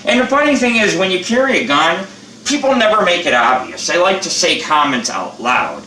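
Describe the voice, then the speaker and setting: A man's voice: high voice, very animated, normal speed, pushed and bright, reverberant, recorded from a distance, slight background noise, rough recording. An older man who is a channel host, chatting bluntly and rambling with plenty of swearing in a casual how-to vlog.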